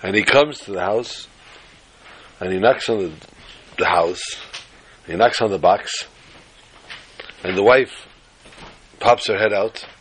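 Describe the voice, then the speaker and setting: A man's voice: on the low side, fairly bright tone, a little hiss or hum, rough recording. A man telling a folk tale in a rambling, self-deprecating way, stumbling and repeating words. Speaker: storyteller. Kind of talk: casual spoken storytelling.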